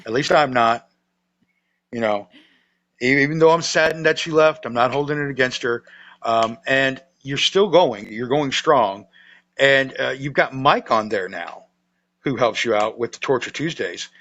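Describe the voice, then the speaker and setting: Southern male podcast host, folksy joker, mid-pitch, slightly lo-fi audio. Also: unhurried, fairly bright tone. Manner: folksy, joking, with frequent restarts. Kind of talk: casual chat.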